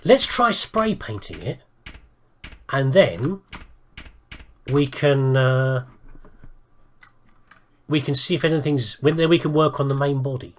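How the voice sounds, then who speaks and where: A man's voice: medium pitch, expressive, slow pace, pauses often. A man giving casual let's-play commentary, rambling and thinking aloud with self-mocking asides. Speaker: gaming video host.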